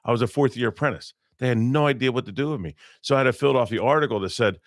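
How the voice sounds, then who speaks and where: Racing along at a medium pitch, this middle-aged man is an electrician appearing as an interview guest. His casual stories about work are blunt and meandering, full of mid-sentence self-corrections, captured in clean studio sound without room noise.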